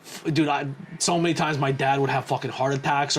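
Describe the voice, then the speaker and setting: A man hosting a casual podcast chat, telling animated stories with lots of swearing. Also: medium pitch, fairly quick, slight background noise. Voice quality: swears a lot, animated storytelling. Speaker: podcast host.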